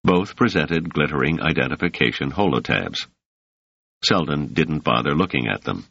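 Deep-voiced man narrating expressively. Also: lively intonation, moderate pace, creaky, fairly bright tone, breathy edge, no echo, highs cut off. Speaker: audiobook narrator. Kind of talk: scripted narration.

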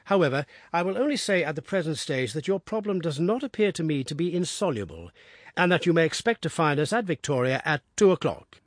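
A man voicing a sharp, reserved, middle-aged male detective who talks in a measured, precise and formal way. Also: a little high, big pitch swings, no room sound, clean studio sound, voice pushed up.

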